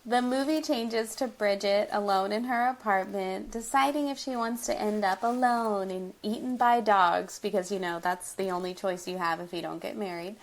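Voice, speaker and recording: A woman's voice: mid-range voice, moderate pace, hardly any pauses. An American woman co-hosting a casual movie-review podcast, laughing often as she talks. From United States. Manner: giggly, often laughing mid-sentence. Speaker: podcast co-host.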